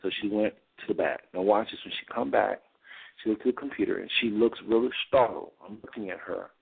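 A man's voice: lowish voice, a little fast, gravelly, breathy edge. A man hosting a show, telling a rambling story in a folksy way and talking straight to his listeners. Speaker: host. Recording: phone-line sound.

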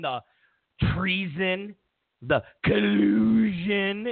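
A man's voice: high-pitched, big pitch swings, unhurried, gravelly, dry recording. Heated, mocking man on a tinny line. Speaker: talk show host. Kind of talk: ranting political monologue. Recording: tinny phone-like sound.

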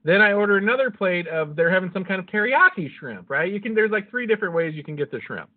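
Man, podcast co-host, casual storytelling, constant swearing, slightly high voice, lo-fi phone-like audio. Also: big pitch swings, fast. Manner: rambling, swears constantly, laughs at own jokes.

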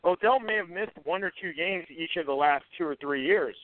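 A man's voice: on the high side, moderate pace, no room sound. A man co-hosting a sports radio talk show, confidently rattling off predictions and correcting himself as he goes. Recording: dry, phone-like radio audio.

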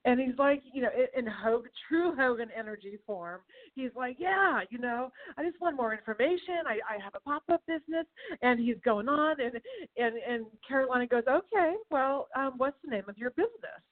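Speaking at a normal speed in a slightly high voice, this chamber of commerce host leads a relaxed radio interview. The sound is tinny and phone-like, and she energetically tells a story, giggling and doing the voices of the people in it.

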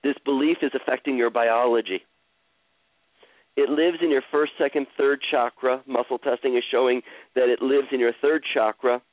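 In a live coaching session, a man leads a caller along with calm, slow, repetitive guidance. The line is thin and tinny like a phone, and the recording is dry and close, with his medium-pitched voice keeping a fairly even intonation.

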